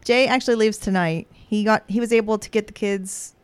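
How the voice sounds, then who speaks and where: A woman's voice: medium pitch, steady tone, brisk, clean tone, no room sound. A woman in her thirties co-hosting a podcast, chatting casually and laughing often as she tells stories. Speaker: podcast co-host. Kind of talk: casual chat.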